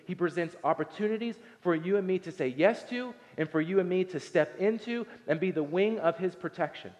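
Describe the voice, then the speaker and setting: Male pastor, 30s, conversational sermon, acts out voices, slightly high voice, long hall echo. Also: darkish tone.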